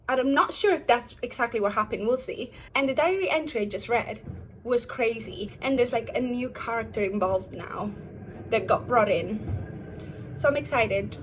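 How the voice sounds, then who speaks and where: A young woman in her twenties chatting casually at home in a reading vlog, bubbly and animated. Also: a little high, normal speed, a little hiss or hum. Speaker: book vlogger. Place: home, indoors.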